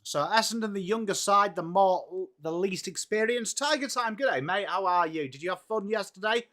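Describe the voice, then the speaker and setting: A man's voice: sits high, lively intonation, normal speed, fairly bright tone. An English man hosting a live football watchalong stream, chatting casually and greeting viewers by name in an upbeat way. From England. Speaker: livestream host of a football watchalong.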